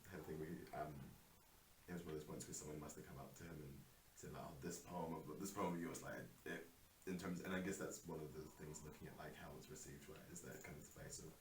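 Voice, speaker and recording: A man's voice: rumbling low, steady tone, fast. A man hosting a radio talk show, rambling with many fillers in a casual chat. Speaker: radio host. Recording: roomy, distant mic, faint hiss.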